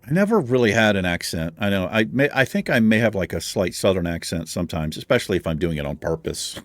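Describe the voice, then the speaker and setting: A man's voice: low-pitched, dry recording. A man hosting a gaming video, chatting casually in a rambling, meandering way while he plays. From Virginia. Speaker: gaming channel host. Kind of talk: casual chat while playing a game.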